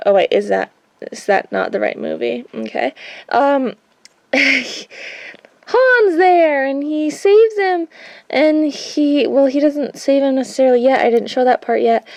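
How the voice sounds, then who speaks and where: A woman's voice: sits high, lively intonation, takes it slowly, gravelly, no echo. Chatty woman rambling through a recap. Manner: chatty, rambling, jokey asides. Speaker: vlogger. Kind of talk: casual movie recap with toy figures.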